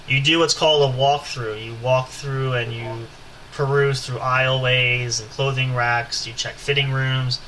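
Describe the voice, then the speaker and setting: A man with a mid-range, sharp-toned voice hosts a podcast, telling a long anecdote casually and ramblingly, full of fillers and asides. The recording is rough, with slight background noise.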